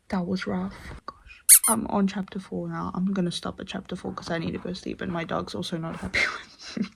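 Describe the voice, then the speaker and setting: A woman talking casually in a reading vlog at home, emotional, swinging between hushed whispers and excited outbursts. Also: lowish voice, moderate pace, vocal fry, slight background noise, poor audio. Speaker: book vlogger.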